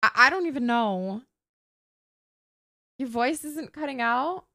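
A woman in her twenties chatting casually on a live game stream, excitable and swearing freely. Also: sits high, slow, vocal fry. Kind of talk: casual live-stream chat while role-playing a game.

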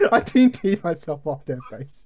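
A man playing a video game with friends, talking in an excitable, joking way and yelping when things go wrong. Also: fairly high pitch, normal speed. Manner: excitable, jokey, yelps when plans go wrong. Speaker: gamer. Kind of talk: casual gaming chat.

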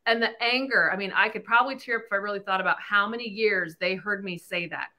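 A woman's voice: medium pitch, fast. A woman in her thirties hosting a podcast, telling her story bluntly and candidly, with lots of swearing. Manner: blunt, profane, animated storytelling. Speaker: podcast host. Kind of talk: candid casual talk.

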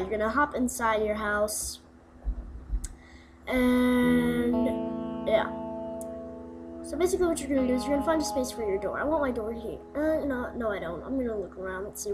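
Young woman, slightly high voice, slow and rambling, casual game tutorial voice-over over guitar music. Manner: rambling, goofy asides, uh fillers. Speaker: gaming video maker.

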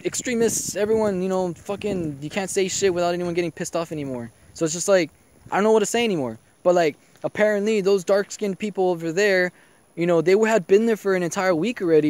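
A man's voice: high-pitched, fairly quick, darkish tone. A man rambling through a casual vlog monologue, swearing freely and filling his talk with "you know" and "I'm like.". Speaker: vlogger.

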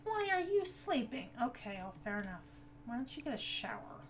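A woman's voice: sits high, big pitch swings, moderate pace. A woman giving casual gameplay commentary, chatting to her viewers and scolding the game characters. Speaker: gaming video creator.

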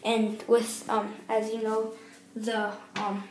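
A woman's voice: fairly high pitch, monotone, slow, echoey room, heavy background noise. A young female vlogger chatting through a how-to video at home, rambling with ums and restarts. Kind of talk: casual how-to vlog. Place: house, bathroom.

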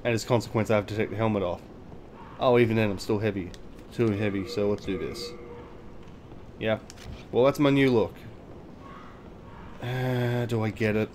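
A man's voice: on the low side, moderate pace, long pauses, darkish tone, slight background noise. A man giving casual gameplay commentary, thinking aloud, explaining game mechanics and swearing freely. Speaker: gaming video host.

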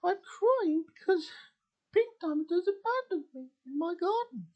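A man's voice: very high voice, lively intonation, moderate pace, muffled recording, pitched above the performer's own voice. A man voicing a sad, crying female gem girl, speaking in a tearful, whiny way.

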